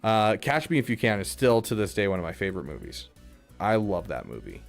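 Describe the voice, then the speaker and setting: A man's voice: lowish voice, sing-song, brisk, vocal fry, faint music behind. A man streaming live, chatting casually with his viewers, rambling, restarting his sentences and laughing often. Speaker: streamer reading chat.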